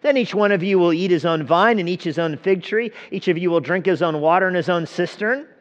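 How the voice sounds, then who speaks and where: A boastful envoy who bellows threats at a besieged crowd, his voice lifted high and loud, as a male preacher puts him on. He slides easily into a mock-friendly sales patter. The sound is dull and carries a long hall reverb. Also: big pitch swings, moderate pace. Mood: bellowing. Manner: loud, booming proclamation. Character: blustering male Assyrian envoy shouting threats.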